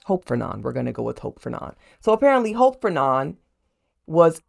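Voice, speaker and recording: A woman's voice: low voice, brisk, gravelly. A woman hosting her horror book vlog, chattily recapping a chapter and often checking in with "okay?". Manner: animated, laughs while retelling. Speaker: host and horror book reviewer.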